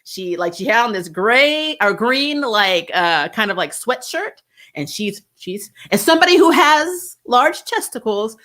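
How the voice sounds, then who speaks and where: A young adult woman giving a casual review, animated and laughing often as she mimics voices. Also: on the high side, a little slow. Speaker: show reviewer.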